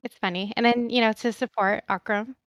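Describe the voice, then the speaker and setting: A woman's voice: a little high, steady tone, fairly quick, a bit bright, no room sound. Giggly woman guest, dry sound. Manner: easygoing, giggly chat. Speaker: podcast guest, streamer. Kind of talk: casual chat.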